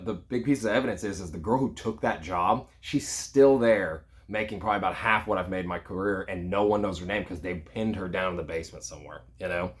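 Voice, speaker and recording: A man in his thirties tells a story from his own life in a relaxed, chatty way. He talks quickly and leans on fillers like "you know" and "like." His voice sits a little on the low side. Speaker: real estate agent. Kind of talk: casual personal storytelling.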